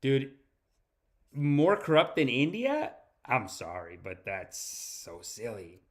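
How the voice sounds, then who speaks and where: A man's voice: medium pitch, big pitch swings, takes it slowly. A man hosting a podcast, reacting to clips in a casual, joking, profane way. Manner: joking, profane, laughing often. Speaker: podcast host.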